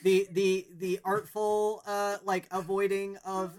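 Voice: mid-range voice, level tone, takes it slowly, a little mellow. A podcast co-host talking casually, thinking aloud in a rambling way with many fillers. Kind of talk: casual chat.

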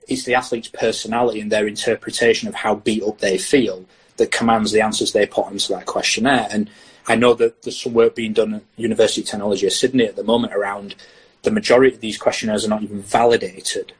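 A man's voice: fairly low pitch, fast talker, breathy edge, rough recording. A British man, a sports science lecturer, talking through research in a podcast interview and acting out what athletes and coaches say. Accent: British English. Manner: animated, acts out athletes' and coaches' lines.

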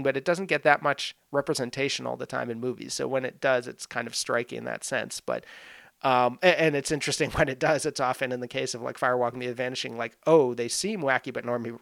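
Smooth-voiced man chatting loosely about film. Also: medium pitch, fairly bright tone, dry recording, studio quality. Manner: rambling, frequent "like" fillers, acts out scenes. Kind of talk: casual film discussion.

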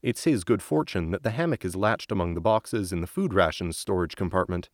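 Deep-voiced man narrating a story. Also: lively intonation, dry recording, clean studio sound. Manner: slow, measured reading. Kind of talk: scripted audiobook narration.

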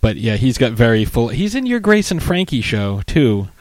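Chatting casually while reviewing a film, a man retells its scenes in a loose, rambling way, full of "like" and restarts. His mid-pitched, sing-song voice is at normal speed and close to the mic in a dry, dead room with no echo.

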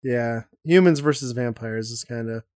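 A man's voice: mid-range voice, moderate pace, a little mellow, dry recording, clean studio sound. A man hosting a casual podcast chat, talking enthusiastically and rambling with lots of fillers. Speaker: podcast host.

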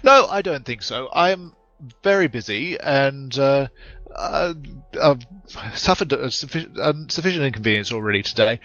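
A man voicing a polite male adventurer who speaks formally and hesitantly, halting often. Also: medium pitch, lively intonation, fairly bright tone, no room sound, muffled recording, faint music behind. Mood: formal, evasive.

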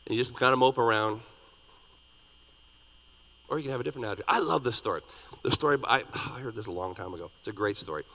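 A man preaching a sermon, reading scripture dramatically and talking plainly to the congregation, with big swings between loud and soft. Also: medium pitch, fast talker, long pauses, long reverb tail, low-quality recording. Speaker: pastor.

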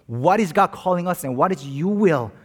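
A middle-aged man preaching a sermon, earnest, building to loud emphatic peaks on key phrases. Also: high-pitched, lively intonation, normal speed. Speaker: pastor.

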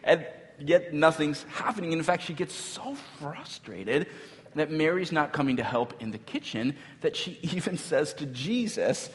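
A man's voice: fairly high pitch, lively intonation, normal speed, a little hiss or hum. A male pastor giving a sermon in a casual, conversational way, with filler words and light laughs. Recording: long hall reverb.

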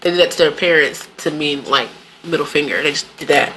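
Woman co-host, casual banter, bright and animated, laughs often; faint background hiss. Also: low voice, a little fast. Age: adult parent of a young son. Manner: animated, laughs often, acts out quoted voices. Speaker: podcast co-host. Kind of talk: casual chat.

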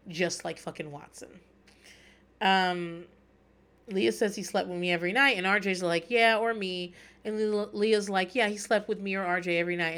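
This is a relaxed podcast chat in which a woman in her thirties goes over a show, swearing liberally and speaking with candor and wit. Her voice is on the low side and a little bright.

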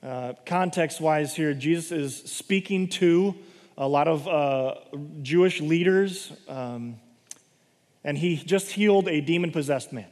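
In a conversational Bible teaching, a man explains the passages plainly and often checks in with his listeners. His voice is a little high and a little mellow, his pace slow, and the recording carries a long hall reverb.

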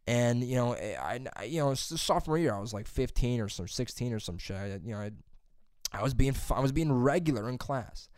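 A young man in mid-pitch rambles through an old school grievance, cursing casually and leaning on "dude" and "like". The recording is dry, as from a close mic. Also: fairly quick, a little mellow, clean tone, no room sound. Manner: profane, rambling, says "dude" and "like" constantly. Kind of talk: casual storytelling chat.

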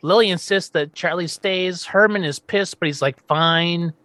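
A man's voice: high voice, moderate pace, fairly bright tone, no room sound. A man casually recapping a TV episode on a podcast, quoting the characters and laughing often. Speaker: podcast host.

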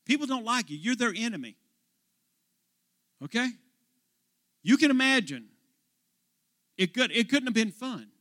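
A male pastor preaching a sermon, putting "uh" before phrases in a rhythmic, rising delivery that builds to shouts. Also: extremely high pitch, big pitch swings, unhurried, pauses often, no echo, studio quality.

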